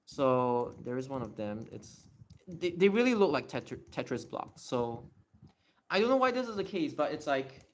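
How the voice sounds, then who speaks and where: A man's voice: medium pitch, very animated, moderate pace. A young man on a casual livestream, explaining step by step while he writes and thinks aloud.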